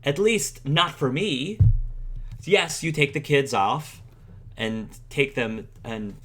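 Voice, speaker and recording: A man's voice: medium pitch, slow pace, pushed and bright. A man voicing a weary, resentful wife and mother in a tabletop role-play, speaking with tired, defensive bitterness. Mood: bitter, weary.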